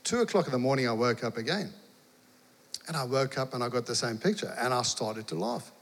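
An animated male preacher tells a story from the pulpit and acts out its dialogue. His voice sits at an ordinary middle pitch for a man. It rings with the long reverb of a large hall. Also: brisk, creaky. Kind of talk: storytelling sermon.

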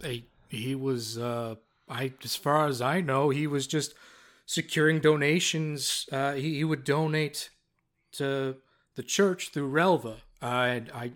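A man's voice: medium pitch, steady tone, takes it slowly, a bit bright. A man voicing a composed male adventurer who speaks in a soothing, reassuring way. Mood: comforting.

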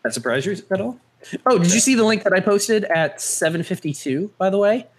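Lively, high-voiced male co-host. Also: fairly quick. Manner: chatty, giggly, lively. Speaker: podcast co-host. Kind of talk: casual chat.

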